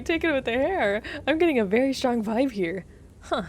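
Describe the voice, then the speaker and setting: A woman's voice: high voice, expressive, normal speed, a little hiss or hum. A woman streamer reading game text aloud in a let's play, wry and chatty, often breaking into giggles. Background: game music.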